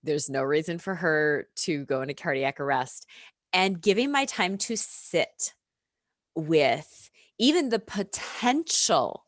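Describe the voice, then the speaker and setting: A middle-aged American woman, a yoga and reiki practitioner, talking in an unhurried, reflective way and laughing often in casual podcast chat. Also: deep voice, lively intonation, no room sound, clean studio sound. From United States.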